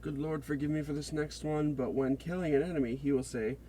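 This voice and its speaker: A man reading out a scripted, deliberate presentation of a character concept for a game. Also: medium pitch, steady tone, dark tone, a little hiss or hum. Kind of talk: read-aloud character pitch.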